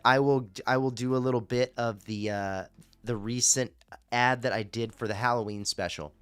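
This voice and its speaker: Male livestream host, mid pitch, casual and profane, rambling chat, smooth clear voice with a bit of music underneath. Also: dry recording. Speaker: radio show host.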